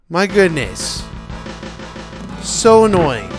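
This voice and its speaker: Excitable young man gaming over music. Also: mid-range voice, unhurried. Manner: excitable, grows frustrated and shouts at the game. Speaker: let's play gamer. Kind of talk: casual gameplay commentary. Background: video game music.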